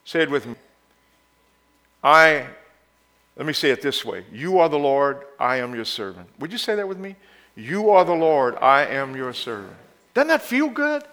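A male pastor preaching a sermon. He moves from quiet, intimate passages to loud exhortation and leads the congregation in call-and-response. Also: medium pitch, animated, moderate pace.

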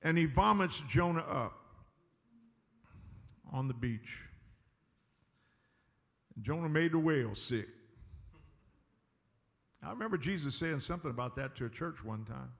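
A man's voice: a little high, expressive, a little slow, creaky, long pauses, fairly bright tone, long reverb tail. A man preaching a sermon in a folksy, emphatic way, often chuckling at his own points. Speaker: pastor.

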